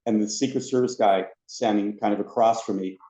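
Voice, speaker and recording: A man with a lowish, mellow voice tells anecdotes as a podcast guest. He is a lively storyteller who slips into the voices of the people he describes. The sound is roomy and a little dull, like a lo-fi recording. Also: a little fast. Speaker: podcast guest, former theme park ride attendant.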